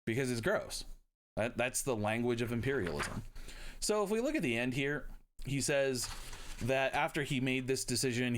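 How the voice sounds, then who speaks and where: A male history teacher giving a loose, conversational video lecture. He talks bluntly and irreverently, full of fillers and side remarks, at an ordinary middle pitch. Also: a little hiss or hum.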